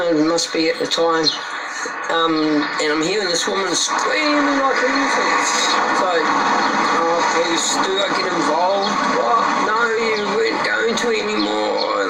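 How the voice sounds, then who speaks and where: Man, high voice, casual animated storyteller; noisy recording. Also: recorded from a distance. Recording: loud background noise.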